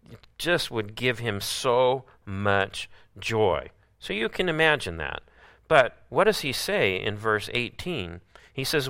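Guy preaching a sermon, bright forceful voice, lots of rhetorical questions. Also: medium pitch, big pitch swings, a little slow.

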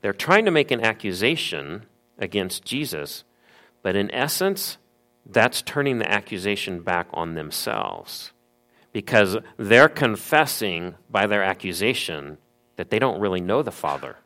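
A man's voice: fairly low pitch, very animated, unhurried, bright, forceful tone. A man preaching an expository sermon, explaining the passage with rhetorical questions. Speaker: pastor.

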